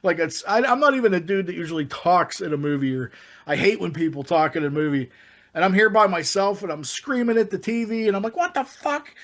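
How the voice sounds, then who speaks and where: A man co-hosting a casual movie talk show, his voice sitting a bit high for a man. He rambles with lots of restarts and swears freely as he gets worked up. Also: a little fast. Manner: rambling, profane, excitable with many restarts. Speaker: podcast co-host. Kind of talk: casual film discussion.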